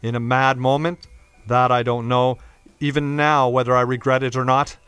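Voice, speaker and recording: A guy doing a cold vain young man, slow brooding delivery, audiobook. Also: mid-range voice, level tone, fairly bright tone, clean tone, dry recording, soft background music, lightly acted.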